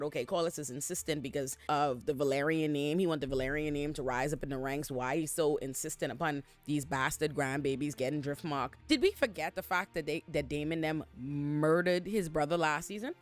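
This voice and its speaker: A man recaps a TV episode straight to camera, swinging between outrage and laughter and acting out each character in turn. His talk is loud, profane and full of put-on voices. Faint music sits underneath. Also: a little high, a little fast, few pauses. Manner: expressive, profane, acts out characters. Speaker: show recap host. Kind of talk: animated TV recap commentary. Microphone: facing camera.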